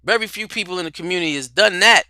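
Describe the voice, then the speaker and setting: Man, talk-show host, preacherly, bright voice, dry close mic, a bit high-pitched. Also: rapid-fire, smooth, no room sound. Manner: preacherly, rhetorical questions, repeats words, swings from loud to quiet. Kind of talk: livestream talk on spirituality and culture.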